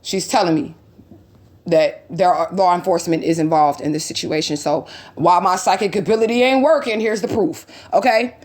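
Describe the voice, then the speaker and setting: A woman's voice: lowish voice, normal speed, darkish tone. A woman from St. Louis recording an emotional vlog. She is upset and agitated, blunt and profane, and keeps adding emphatic "okay?" asides. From St. Louis, USA. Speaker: vlogger. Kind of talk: emotional vlog recounting old messages.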